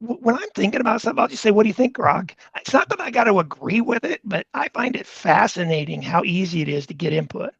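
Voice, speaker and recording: A man's voice: high voice, animated, fast talker, vocal fry, hardly any pauses, a bit bright, breathy edge, no room sound, dull audio. A man hosting a podcast, telling a story in a rambling, casual way with many restarts. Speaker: podcast host.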